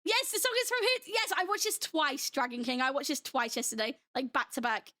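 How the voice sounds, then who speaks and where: Bright and pushed, her voice sits high with a sing-song lilt and a fairly fast pace. She's a young livestreamer from Britain whose accent mixes British, American, and Australian, chatting with viewers in a giggly, bubbly way and laughing a lot.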